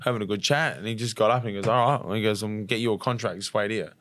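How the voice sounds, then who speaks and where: Young Australian man, low voice, rattles off stories quickly, acts out other people's lines. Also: no room sound. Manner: rapid, animated storytelling with acted-out quotes and swearing. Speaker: podcast guest, martial arts fighter. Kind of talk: casual storytelling interview.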